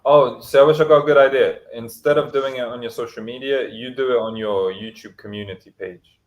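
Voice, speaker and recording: A man co-hosting a casual podcast chat over a call, talkative and quick to argue. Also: mid-range voice, fairly even intonation, poor audio. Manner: chatty, jokey, quick to argue. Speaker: podcast co-host.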